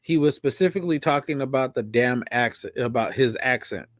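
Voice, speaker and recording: A man's voice: mid-range voice, fairly quick, no echo, studio quality. A man co-hosting a casual wrestling podcast, laid-back and full of "you know"s. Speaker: podcast co-host.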